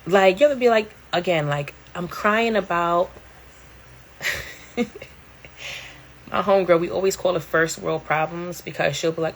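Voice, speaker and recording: Chatty candid woman with a low voice. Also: unhurried, pauses often, slight background noise. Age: middle-aged. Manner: chatty and candid, laughs often, slangy. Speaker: livestream host. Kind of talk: casual livestream chat.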